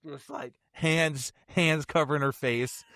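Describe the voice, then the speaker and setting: A man hosting a podcast, telling a funny personal story in a casual, animated way and laughing often. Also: fairly high pitch, slow, no room sound. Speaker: podcast host.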